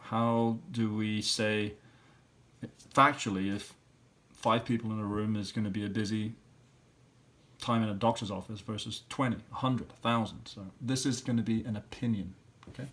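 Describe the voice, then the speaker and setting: A man's voice: lowish voice, fairly even intonation, normal speed, fairly bright tone. Guy teacher going over a worksheet, sounding out letters and syllables. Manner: thinks aloud step by step. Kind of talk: classroom lesson walkthrough.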